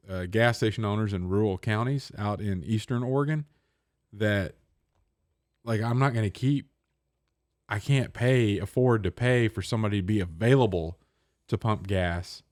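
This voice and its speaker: A man's voice: lowish voice, no room sound, clean studio sound. A man co-hosting a podcast, telling a casual story and acting out the other people in it. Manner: animated storyteller, acts out other people's lines. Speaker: podcast co-host.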